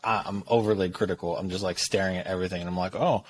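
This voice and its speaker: Brief: male co-host, thirties, lower voice, slurry relaxed delivery, self-deprecating. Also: rapid-fire, a little hiss or hum. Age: 30s. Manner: rambling, self-deprecating, many fillers, slightly mumbled. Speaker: podcast co-host. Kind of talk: casual chat.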